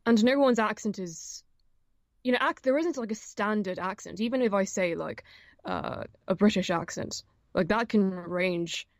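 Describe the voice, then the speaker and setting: A woman's voice: medium pitch, normal speed, dry recording. Young woman, audiobook narrator, chatty, lots of fillers, dry recording. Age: young adult. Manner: chatty, many fillers, laughs often. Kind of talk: casual interview chat.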